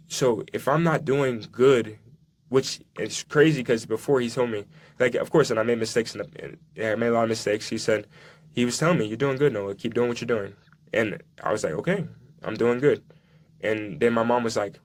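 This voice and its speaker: A young man, a soccer player, telling his own story in a casual conversation. He acts out old dialogue, stopping and restarting as he goes. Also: medium pitch. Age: young adult. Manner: recounts dialogue, halting restarts.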